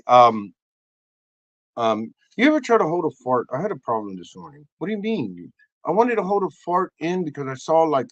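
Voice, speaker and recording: A man hosting a crude comedic monologue, animated and loud, often breaking into shouts. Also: medium pitch, no echo, highs cut off. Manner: animated, crude, bursts into shouts and silly voices. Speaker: comedy host.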